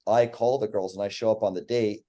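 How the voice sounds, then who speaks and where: A man's voice: fairly low pitch, fairly even intonation, fairly quick, dark tone. A man guesting on a podcast as a dating coach, talking casually in long, rambling, profane runs of lists. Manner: rambling, profane, list-heavy talk.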